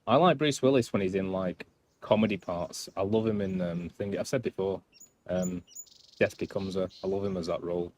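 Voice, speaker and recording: A man's voice: deep voice, moderate pace, darkish tone, a little hiss or hum. A man doing casual gameplay commentary on a live stream, rambling and self-deprecating as he chats.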